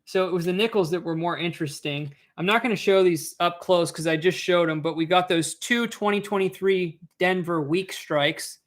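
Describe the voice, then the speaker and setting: A man's voice: high voice, moderate pace, hardly any pauses. Stammering, joking male live streamer. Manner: stammering, repeats words, joking. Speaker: coin roll hunting live streamer. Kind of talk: casual live stream recap.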